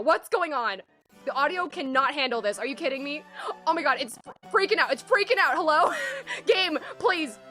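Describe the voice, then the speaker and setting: A young woman streaming a game, excitable and gushing, with frequent gasps. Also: high-pitched. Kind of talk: casual live-stream commentary. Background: faint game music.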